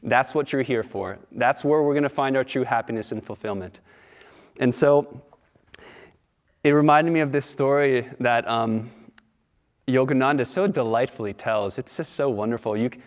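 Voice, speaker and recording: A man's voice: medium pitch, moderate pace. Man giving a storytelling sermon. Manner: warm storytelling, asks the audience questions. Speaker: speaker at a Sunday service.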